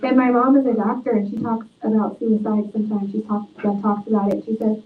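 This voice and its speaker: A woman's voice: on the high side, little pitch movement, fairly quick. Earnest woman author, tinny and echoey. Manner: earnest, reflective storytelling. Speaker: author and guest speaker. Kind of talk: book talk discussion. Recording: tinny, echoey, far from mic.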